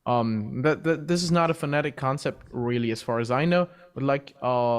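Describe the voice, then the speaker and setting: A man's voice: medium pitch, moderate pace, few pauses, clean tone. A male guest on a video call, explaining step by step with many fillers. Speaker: guest voice teacher.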